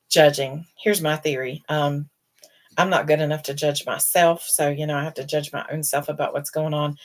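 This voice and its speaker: A middle-aged woman hosting a casual live stream, talking in a rambling, emotional way and fighting back tears. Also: sits low. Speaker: host.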